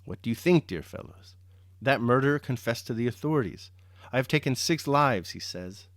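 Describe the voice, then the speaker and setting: A humble old peasant spins a tale by the fire with gentle earnestness, read by a man in his ordinary, mid-pitched voice. The sound is dry and close, with no room around it. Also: lively intonation, normal speed, no room sound, lightly acted. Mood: earnest.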